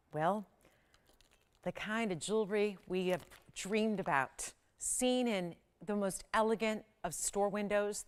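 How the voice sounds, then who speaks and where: A woman hosting a live shopping channel, pitching jewelry in a chatty, persuasive way that builds to excited peaks. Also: clean tone.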